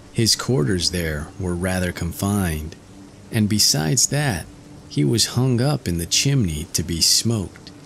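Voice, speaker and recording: A man narrating a classic fairy tale in a slow, measured storytelling manner. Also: low-pitched, vocal fry. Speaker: audiobook narrator.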